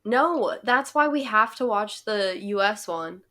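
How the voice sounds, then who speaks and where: A woman's voice: medium pitch, lively intonation, measured pace, sharp tone. A young adult woman co-hosting a podcast in casual chat, teasing and sarcastic. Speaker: podcast co-host.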